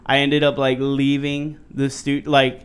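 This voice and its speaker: Clear-voiced, excitable male guest. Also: mid-range voice, unhurried. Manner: excitable storytelling, heavy swearing. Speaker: podcast guest, rapper. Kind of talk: casual chat.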